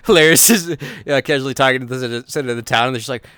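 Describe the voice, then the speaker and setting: A man's voice: medium pitch, quick pace, fairly bright tone, clear, resonant tone, no room sound, clean studio sound, faint music behind. A man chatting casually as his roleplay character, rambling with frequent laughs and playful voiced asides.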